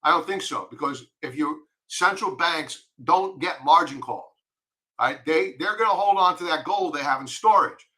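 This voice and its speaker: A man's voice: a little high, moderate pace, bright, forceful tone. A man with a Long Island accent giving blunt, emphatic stock chart commentary, repeating his warnings. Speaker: market commentator.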